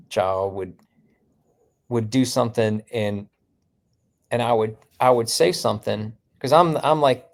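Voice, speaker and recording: Middle-aged dad guest, gravelly, mid-pitched, chatty storyteller who stumbles and restarts. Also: male voice. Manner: storytelling, halting with restarts, quotes his family. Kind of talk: casual conversation.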